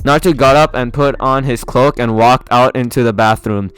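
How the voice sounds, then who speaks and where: Smooth-voiced man reading a fan story. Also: medium pitch, no room sound, faint music behind. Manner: soft, steady, slightly halting. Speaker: fan fiction reader.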